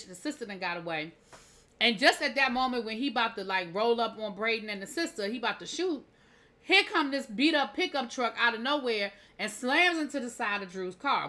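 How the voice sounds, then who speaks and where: A woman's voice: mid-range voice, bright, forceful tone. A woman reviewer giving a casual episode recap, opinionated and heated, acting out scenes in quoted dialogue. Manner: opinionated, heated rhetorical asides. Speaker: TV show reviewer.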